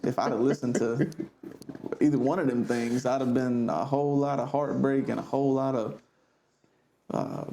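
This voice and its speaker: A man's voice: mid-range voice, fairly even intonation, normal speed, vocal fry, pauses often, mellow, a little hiss or hum. A man hosting a podcast, talking in a reflective way with fillers in casual conversation. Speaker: podcast host.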